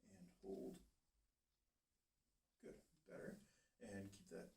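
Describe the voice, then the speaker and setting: A man working as a chiropractor, calmly talking a patient through muscle tests and encouraging her step by step. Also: takes it slowly. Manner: calm, steady, encouraging coaching. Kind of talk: giving instructions during a treatment session. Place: treatment room. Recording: roomy, distant, faint hiss.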